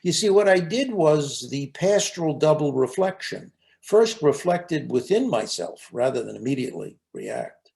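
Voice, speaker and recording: Speaking on resilience and spiritual life, an older, slightly gravelly-voiced man reflects through earnest anecdotes, his pitch lively and varied. He tends to trip over and repeat a word each time he begins a new thought.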